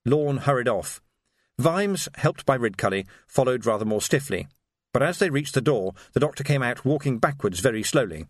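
A man reading a novel aloud with a lively, expressive lilt. His voice sits mid-range and the sound is close and dry. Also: medium pitch, moderate pace, no echo. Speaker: narrator. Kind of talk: audiobook narration.

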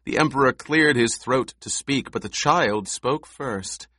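A man reading an audiobook in a measured, expressive manner, recorded close to the mic. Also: mid-range voice, no echo. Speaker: audiobook narrator. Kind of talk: scripted narration.

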